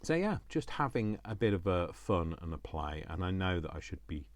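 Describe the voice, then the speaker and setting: A British crafting vlogger with a low voice chats casually to himself while making a craft project, cracking jokes at his own expense. He sounds very animated and talks at a moderate pace, and the recording has no echo.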